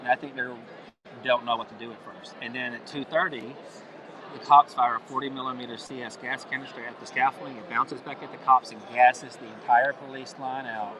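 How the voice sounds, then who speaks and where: A man's voice: mid-range voice, steady tone, a little fast, bright, forceful tone, rough recording. A man as a guest on a live stream, explaining his point in an insistent, argumentative way. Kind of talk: interview.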